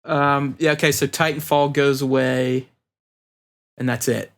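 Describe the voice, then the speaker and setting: A man's voice: mid-range voice, little pitch movement, unhurried, fairly bright tone. A man hosting a casual gaming podcast; he swears freely and steers the group through a vote. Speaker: podcast host.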